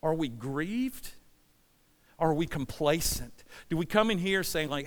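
Passionate preacher in a reverberant hall. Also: male voice, animated, a little slow. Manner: passionate, rising to near-shouting then dropping low. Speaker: pastor. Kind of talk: sermon. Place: church sanctuary.

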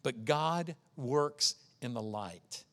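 A man's voice: medium pitch, lively intonation, drawn-out words, a bit bright. A man preaching an earnest sermon as pastor, acting out the voices he quotes.

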